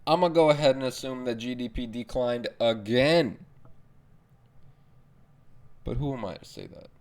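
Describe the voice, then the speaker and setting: A man's voice: medium pitch, moderate pace, a little mellow. A young man hosting his own podcast, rambling in a profane, self-mocking solo monologue. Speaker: podcast host.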